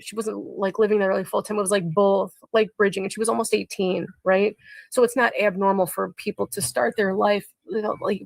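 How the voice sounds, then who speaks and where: A woman with a gravelly, creaky edge to her voice, heard as a guest on a live-stream interview. She talks haltingly, restarting and trailing off often. The sound is dry and close. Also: medium pitch, dry recording. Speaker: guest, mother in a crash case.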